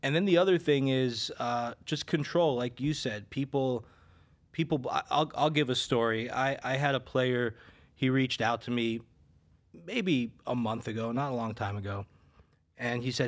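A man of middle pitch talks casually as a betting advisor. He tells his stories loosely, starting over and filling gaps with little sounds. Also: moderate pace. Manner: storytelling, many restarts and fillers. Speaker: sports betting handicapper. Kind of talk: casual podcast chat.

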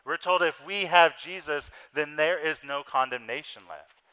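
A man in his thirties preaching an earnest sermon with a bright, forceful tone. His voice is clear and smooth, and it swells and drops in loudness and speed as he drives his points home. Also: a little high, moderate pace, rough recording. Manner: earnest preaching with wide swings in loudness and pace. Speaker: pastor.

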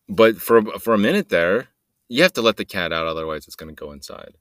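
A man's voice: deep voice, lively intonation, brisk, a bit bright, dry recording, studio quality. A man hosting a solo podcast, rambling and joking in a meandering way and trailing off mid-sentence. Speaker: podcast host.

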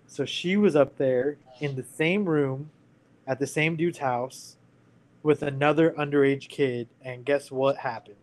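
A man's voice: mid-range voice, poor audio. Casual, candid male storyteller in his thirties: earnest, loose, heavy on fillers, conversational. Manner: candid and earnest, full of fillers like "like" and "you know". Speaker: guest telling a personal story.

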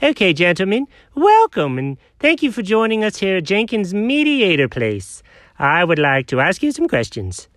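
A man voicing an excitable, goofy young guy who loves telling silly jokes in a homemade comedy skit. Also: moderate pace, no room sound, clean studio sound, heavily acted. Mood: chirpy. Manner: squeaky, bouncy, silly.

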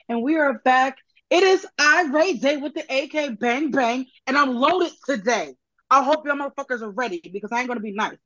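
A woman's voice: high-pitched, animated, fairly quick, a bit bright, dry recording, highs cut off. A woman stepping in as podcast host, giving playful hype introductions in casual chat. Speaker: stand-in host.

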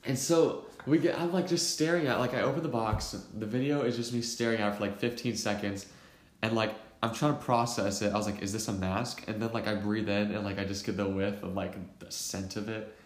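A man's voice: fairly low pitch, fairly even intonation, fairly quick. A young man co-hosting a podcast, telling a story animatedly with lots of fillers and laughter. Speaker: podcast co-host. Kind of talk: casual storytelling chat. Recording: roomy echo.

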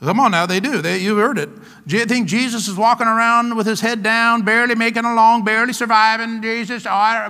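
Lively high-pitched preacher man in a reverberant church. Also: a little fast, clean tone. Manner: animated, playful preaching with laughs and acted-out asides. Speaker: pastor. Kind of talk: sermon.

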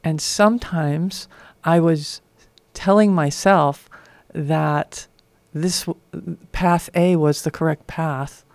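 A woman with a gravelly yet smooth voice reflects on her own experiences. She co-hosts a radio talk show, and the sound is dry and close. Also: low voice, fairly even intonation, takes it slowly, darkish tone, no echo. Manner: reflective, personal storytelling. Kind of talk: casual spiritual talk. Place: radio studio.

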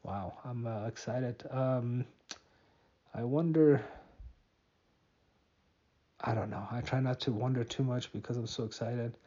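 Man, podcast host, tired, rambling, self-mocking, mellow voice, slightly muffled lo-fi sound. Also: medium pitch, measured pace, long pauses, breathy edge. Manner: rambling, self-mocking, with many restarts and fillers. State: tired, yawning. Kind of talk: casual solo podcast monologue.

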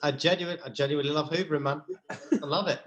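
A man's voice: on the high side, fairly even intonation, fast talker. A man comedian on a video call, sheepish and jokey about himself. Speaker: comedian panelist. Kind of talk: comedy panel show chat over video call. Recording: loud noisy video call line.

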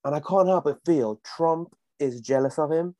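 A man's voice: fairly high pitch, normal speed, mellow, no room sound. A man in his twenties co-hosting a casual podcast, bantering and laughing as he tells stories. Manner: joking banter, laughs mid-story. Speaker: podcast co-host. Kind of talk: casual chat.

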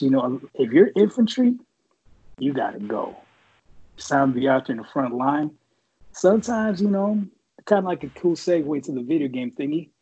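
Highs are cut off in this recording of a middle-aged man from the San Francisco Bay Area, a former Marine reservist. His mid-range voice is warm and slightly rough as he casually tells a meandering war story laced with curses and filler.

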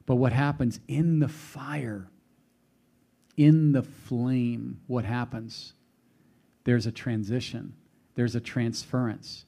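A man's voice: mid-range voice, creaky, dark tone. A man preaching a sermon to a live congregation, quoting scripture and putting questions to his listeners.

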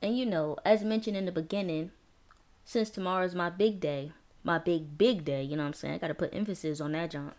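A woman hosting her own podcast in a casual, playful manner, teasing herself, stretching words out and laughing often. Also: fairly low pitch. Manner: animated, rhyming and drawn-out words. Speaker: podcast host. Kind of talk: casual solo podcast talk.

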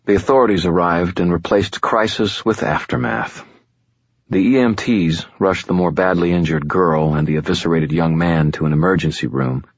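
Very deep, husky male audiobook narrator. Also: no echo. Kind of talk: first-person audiobook narration. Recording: dull lo-fi dry recording.

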